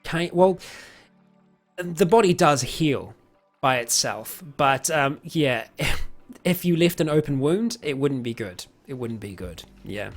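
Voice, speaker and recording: A man's voice: a little high, expressive, slow pace, soft background music. A man chatting casually on a live stream, answering viewer questions with lots of fillers, restarts and chuckles. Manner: rambling, many fillers and restarts, chuckles often.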